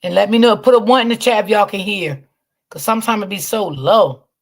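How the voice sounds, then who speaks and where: A woman's voice: medium pitch, brisk. A woman hosting a casual livestream, talking to her chat and greeting viewers by name. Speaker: livestream host.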